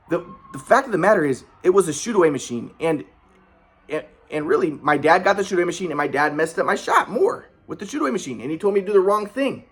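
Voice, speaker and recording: Young man, aggrieved rambling monologue; fast, high, husky. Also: expressive, fairly bright tone. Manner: rambling, aggrieved, many restarts and repetitions. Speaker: vlogger. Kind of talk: personal storytelling monologue.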